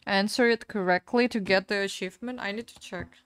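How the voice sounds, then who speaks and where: A woman's voice: mid-range voice, steady tone, fairly quick, smooth. A woman streaming a game, chatting casually and giggling as she reads the game text aloud. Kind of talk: casual gaming stream chat.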